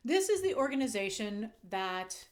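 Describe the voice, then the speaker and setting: A woman's voice: a little high, sing-song, moderate pace, heavy background noise. A woman hosting a casual commentary vlog into a desk microphone, candid and emphatic, swearing when she gets heated. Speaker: channel host.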